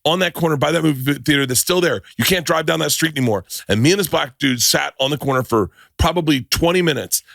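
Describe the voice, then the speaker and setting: A middle-aged man hosting a podcast, telling stories in animated bursts with plenty of swearing and restarted sentences. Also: on the high side, fast, vocal fry, few pauses, no echo, studio quality. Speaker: podcast host. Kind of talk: casual chat.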